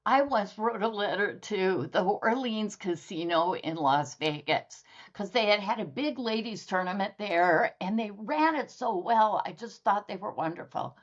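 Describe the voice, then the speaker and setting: A woman's voice: mid-range voice, measured pace, few pauses. Upbeat storytelling woman, lo-fi sound. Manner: lively storyteller who acts out dialogue. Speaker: guest author. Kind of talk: conversational podcast storytelling.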